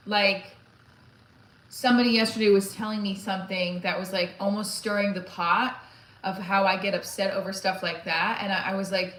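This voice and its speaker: Comedian lady vlogging, bright voice, swears a lot, echoey room w faint noise. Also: mid-range voice, level tone, moderate pace. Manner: frank, swears freely, rambling restarts. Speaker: comedian vlogging her day. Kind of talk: candid casual vlog.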